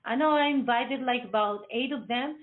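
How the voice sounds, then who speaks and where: A woman's voice: a little high, moderate pace. A woman hosting a radio show, chatting casually and jokingly before it starts, rambling and laughing at her own jokes. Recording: tinny phone-like line.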